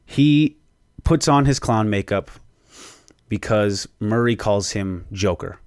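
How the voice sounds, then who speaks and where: A young man with a low voice tells a film's story on his podcast, swearing as he rambles through the plot. The sound is close and dry. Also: slow pace, no echo. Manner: excited storytelling with frequent swearing; rambling, with fillers and restarts. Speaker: podcast host. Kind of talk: casual movie spoiler recap.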